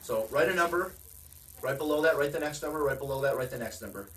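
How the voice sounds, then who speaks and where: A man's voice: mid-range voice, fast, fairly bright tone, far from the mic, low-quality recording. A man giving a direct, conversational sales training talk, often asking his listeners questions. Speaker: real estate sales coach.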